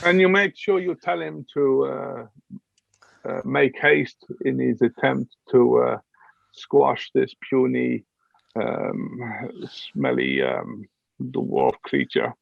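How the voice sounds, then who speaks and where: A man voicing a pompous, hesitant duke who speaks haltingly. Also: medium pitch, animated, gravelly, no room sound, muffled recording, heavily acted. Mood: haughty. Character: pompous foreign-accented duke, male, middle-aged.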